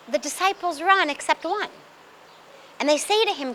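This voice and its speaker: Woman spiritual teacher, storytelling talk, bright high voice, deliberate emphasis. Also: lively intonation, slight background noise.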